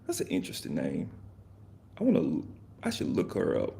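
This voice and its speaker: A man's voice: sits low, wildly swooping pitch, normal speed, vocal fry, warm tone, slight background noise. A man hosting a podcast, talking in a casual, rambling and jokey way, correcting himself and laughing often. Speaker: podcast host.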